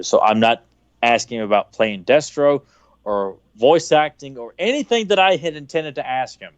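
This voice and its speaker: A man's voice: medium pitch, animated, normal speed, clean tone, no echo. A man on a podcast telling a long, rambling anecdote in casual chat, with frequent restarts. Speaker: podcast co-host.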